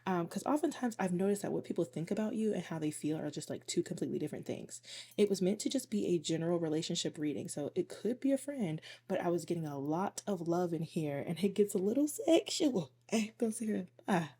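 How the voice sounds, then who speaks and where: A woman with a hoarse voice giving a casual spiritual tarot reading, chatty and often asking "okay?". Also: lowish voice, animated, quick pace, warm tone. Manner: chatty, tags lines with "okay?". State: hoarse from losing her voice. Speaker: tarot reader.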